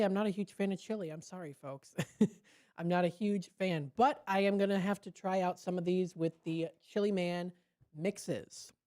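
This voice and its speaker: A woman radio host chats through a food segment in an easygoing, upbeat way, quick to laugh at her own puns. Her voice sits at an ordinary pitch with a mellow, warm tone. She is close on a studio microphone. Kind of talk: casual radio chat segment.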